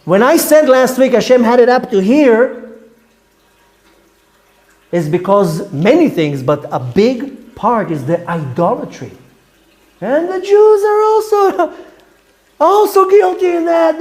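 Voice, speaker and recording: A man preaching as a rabbi, fiery and rebuking, repeating words for emphasis and swinging between shouts and hushed tones. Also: very high-pitched. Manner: repeats words for emphasis, asks rhetorical questions. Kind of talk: impassioned sermon.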